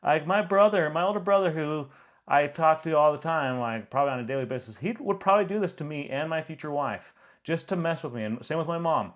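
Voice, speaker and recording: A man's voice: a little high, a little fast. Rambling young man reacting casually. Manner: rambling, filler-heavy, laughs often. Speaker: photographer reacting to photos.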